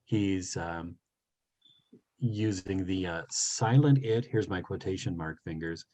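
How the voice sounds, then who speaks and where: A man leading a language study session, reading a story aloud and explaining it in a thoughtful, teacherly way with many pauses. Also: sits low, dark tone, slight background noise. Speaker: session leader.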